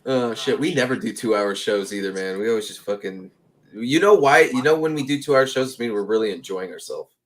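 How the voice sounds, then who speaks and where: A man's voice: lowish voice, fairly quick. A man co-hosting a live stream, laid-back banter with lots of swearing. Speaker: podcast co-host. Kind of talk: casual live-stream chat.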